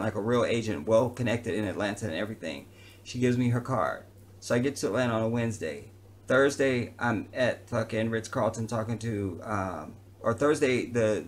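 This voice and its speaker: An entertainer with a lowish voice tells a personal story to the camera. His delivery is animated, slangy and conversational.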